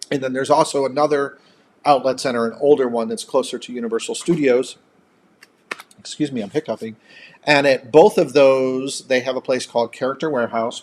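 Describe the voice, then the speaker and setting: A man of medium pitch co-hosting a casual live chat. He talks in long, easygoing stretches, stopping to read out viewer comments and thank people by name.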